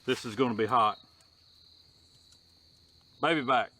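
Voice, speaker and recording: A man's voice: medium pitch, takes it slowly, background noise. A man hosting a casual outdoor cooking vlog, talking in a folksy, drawling way and saying y'all a lot. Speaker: homestead vlogger. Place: outdoors on a rural homestead.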